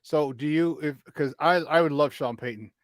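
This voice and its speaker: An animated male sports talk host chatting casually from a remote virtual studio. His voice sits a little high for a man and bursts with energy. The sound is dry, with no room echo. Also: moderate pace. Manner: excitable, animated storyteller.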